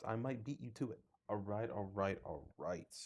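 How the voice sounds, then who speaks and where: Indoors under two large lights, a man opens trading card packs as a card box opening host, reading the card names aloud and joking at his own expense in casual unboxing commentary. His voice is fairly low, animated and darkish, at a moderate pace.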